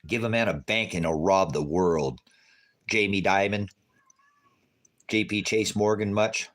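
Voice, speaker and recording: A man's voice: low-pitched, steady tone, a little slow, fairly bright tone. A man, a preacher, talking casually to his viewers from a farmhouse, rambling between warnings and baby talk to his cat.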